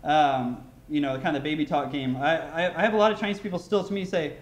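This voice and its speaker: An American man speaks at a conference keynote, his voice sitting high. He talks casually, with plenty of fillers and restarts, and the sound rings around a roomy hall. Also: quick pace. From United States.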